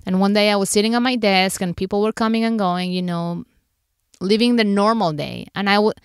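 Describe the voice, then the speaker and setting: A woman's voice: medium pitch, brisk, smooth, no echo, clean studio sound. A woman podcast host candidly retelling an emotional personal story, acting out her own inner thoughts as she goes.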